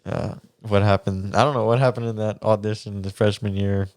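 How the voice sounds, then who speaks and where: A man's voice: fairly low pitch, flat delivery, brisk, a little mellow, dry recording, clean studio sound. A young man, co-hosting a podcast and telling a story in casual chat, laughing often and swearing casually. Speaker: podcast co-host.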